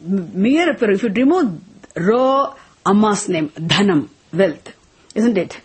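A woman teaching Sanskrit words in a slow, deliberate class lesson, having students repeat after her. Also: medium pitch, expressive, breathy edge. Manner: slow deliberate explaining, switching into Tamil and chanting verses. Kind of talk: class lesson with call-and-response recitation.

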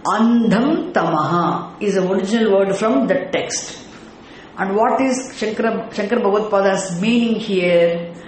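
A man's voice: high voice, normal speed, a crowd in the background. A man with an Indian English accent teaching a scripture class, explaining Sanskrit words one at a time and asking rhetorical questions. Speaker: Vedanta teacher. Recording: echoey room with faint background noise.

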